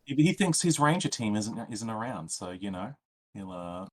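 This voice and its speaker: A man's voice: fairly low pitch, big pitch swings, moderate pace, slight background noise. A man as a player in a tabletop game, talking in a casual, easygoing way.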